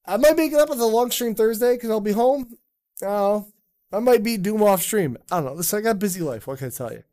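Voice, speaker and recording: A man's voice: sits high, expressive, quick pace, dark tone. Loose, rambling man on a podcast. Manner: rambling, swearing, loose and jokey. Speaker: podcast host. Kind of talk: casual chat.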